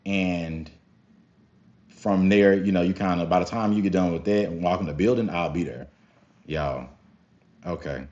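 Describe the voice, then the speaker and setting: A young man telling a story casually to his viewers, animated and profane, often calling them y'all. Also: deep voice, normal speed, long pauses. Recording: slightly dull lo-fi sound with faint music.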